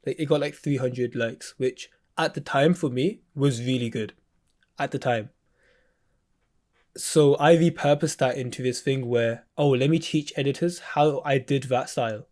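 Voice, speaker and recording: Man as mentor, casual and slangy, relaxed advice-giving, mid pitch. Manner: laid-back, slangy, says bro a lot. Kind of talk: casual chat.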